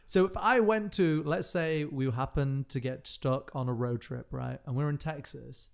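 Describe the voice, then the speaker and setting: Deadpan young man spinning a story. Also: mid-range voice, normal speed, gravelly. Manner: deadpan storyteller, slips into put-on voices. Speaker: podcast guest. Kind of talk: casual comedic chat.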